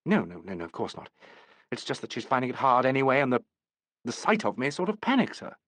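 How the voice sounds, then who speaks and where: A man's voice: mid-range voice, wildly swooping pitch, fast talker, fairly bright tone, no room sound, clean studio sound. A man voicing an earnest young woman understudy. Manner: pleading, apologetic.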